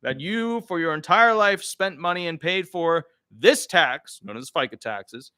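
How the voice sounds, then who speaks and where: A man's voice: on the high side, animated, a little slow, sharp tone, no echo, studio quality, pitched above the performer's own voice. A man voicing a pompous government official lecturing the public in an officious way.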